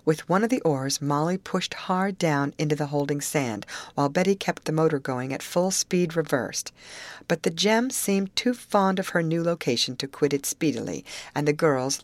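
A woman narrating an audiobook chapter in an even, measured storytelling manner. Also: sits low, dry recording. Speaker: audiobook reader.

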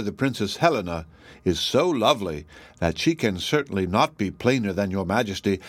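A man's voice: fairly low pitch, no echo. A man reading the part of an old, cautious merchant who speaks carefully and deferentially.

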